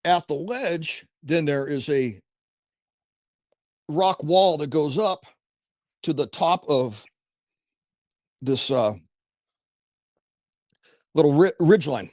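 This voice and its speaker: A man's voice: a little high, expressive, slow pace, pauses often, darkish tone, no echo, clean studio sound. A middle-aged man telling a personal story as a podcast guest, earnest and rambling, with restarts and asides. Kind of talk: casual first-person storytelling.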